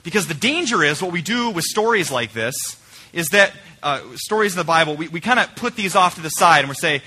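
Man, pastor, sermon, very bright tone, slightly high voice, conversational, emphatic then hushed. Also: lively intonation, fairly quick. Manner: conversational, building to emphatic points and dropping to quiet questions. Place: church sanctuary.

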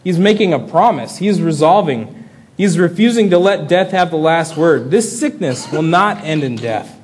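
Husky-voiced man preaching a sermon. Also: a little high, a little mellow. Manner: earnest, rising to impassioned pleas.

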